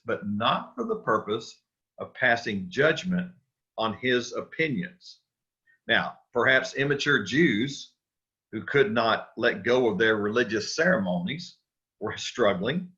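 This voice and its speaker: A man's voice: mid-range voice, sharp tone, dull audio. A man teaching a church Sunday school class, talking casually with restarts and questions to the group. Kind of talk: Bible study lesson.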